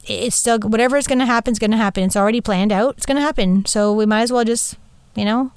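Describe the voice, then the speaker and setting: Woman, podcast host, rambling and sweary, smooth higher voice, dry close sound. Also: fast talker, dry recording. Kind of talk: casual monologue. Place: small closet.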